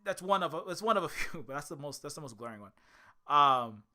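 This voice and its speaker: A young man rants casually for his vlog, sarcastic and rambling, swearing freely. His voice sits a bit high and has a bright, forceful edge. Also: lively intonation, fairly quick. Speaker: indie game developer.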